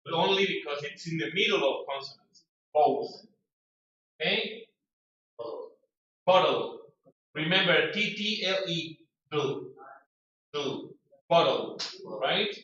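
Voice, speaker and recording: Male English teacher, high bright voice, slow drills, very echoey distant room. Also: dull audio. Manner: brisk corrective commands. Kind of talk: classroom pronunciation drill. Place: classroom.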